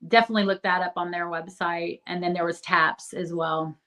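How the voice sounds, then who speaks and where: A woman's voice: fairly low pitch, steady tone, fairly quick, sharp tone. A woman guest on a podcast, talking in an earnest, encouraging, conversational way. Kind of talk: podcast interview.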